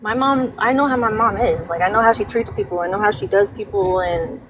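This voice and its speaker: A woman's voice: mid-range voice, brisk. A woman venting on a livestream, rambling and emphatic, heavy with swearing. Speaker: livestream guest. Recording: noisy background.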